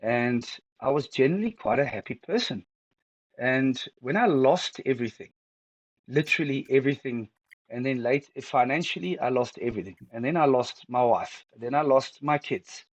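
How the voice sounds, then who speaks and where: A middle-aged man opens up in an interview, his voice heavy and close to tears. He talks in halting bursts, restarting sentences as feelings catch up with him. The sound is dry and close, with almost no room around it. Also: medium pitch, lively intonation, no echo, rough recording. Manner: halting, emotional, with many restarts. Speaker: guest. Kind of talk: candid personal interview.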